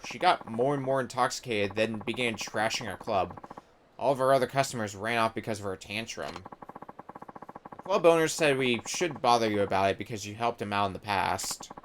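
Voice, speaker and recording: A man's voice: fairly low pitch, a bit bright, a little hiss or hum, natural voice. A man reading the lines of a polite, apologetic host club worker in a game, formal and explaining.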